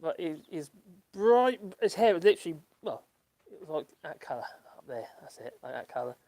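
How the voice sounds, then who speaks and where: An older man with a Norfolk accent, hosting a casual livestream and reading chat comments in a rambling, halting way full of ums and laughs. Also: a little high, sing-song, darkish tone. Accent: Norfolk English. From Norfolk, England.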